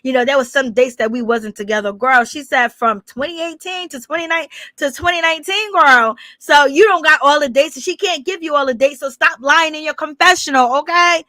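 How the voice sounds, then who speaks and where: A woman's voice: high-pitched, fairly quick, hardly any pauses, pushed and bright, no room sound. A woman hosting a gossip channel, chatting casually and teasing with frequent laughter. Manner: laughs often, sassy and teasing.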